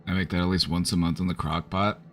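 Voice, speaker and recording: A man's voice: low voice, fairly even intonation, fast, fairly bright tone. A man chatting casually on a live stream, rambling with lots of fillers. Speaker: streamer offering support.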